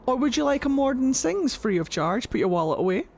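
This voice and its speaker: A woman's voice: high-pitched, very animated, fairly quick, a little mellow. A woman streaming a game, chatting in a goofy, rambling way to her viewers. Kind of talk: casual gameplay commentary. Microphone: desk microphone.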